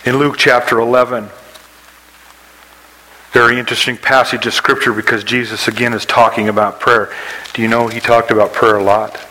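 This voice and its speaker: A man preaching a sermon, telling a story with rising excitement and dropping to a hush for quoted prayers. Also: normal speed, rough recording. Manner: storytelling preacher, acts out scenes with rising pitch. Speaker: pastor.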